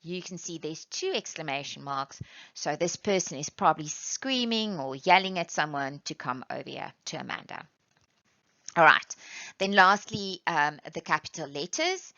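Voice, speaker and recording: Bright-voiced woman teaching punctuation. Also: low voice, animated, dry recording. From South Africa. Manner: patient, explains step by step, reads examples aloud slowly. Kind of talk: classroom lesson. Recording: dull, lo-fi sound.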